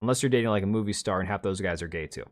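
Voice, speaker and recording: A man's voice: low-pitched, very fast. A man in his thirties hosting a casual livestream, rambling bluntly and reacting to chat with restarts and asides. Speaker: livestream host.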